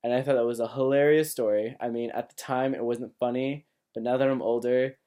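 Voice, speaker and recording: A young man casually telling a personal story to camera, animated, laughing often and full of filler words. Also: medium pitch, fairly quick, clear, resonant tone. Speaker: vlogger.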